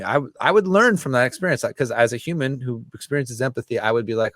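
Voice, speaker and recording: A man's voice: mid-range voice, fast, few pauses, no room sound, studio quality. A man from the United States, an interview guest, talking casually and with passion, swearing freely and acting out other people's voices. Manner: animated, profane, acts out voices of others. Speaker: guest, writer and musician. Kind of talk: casual impassioned interview talk.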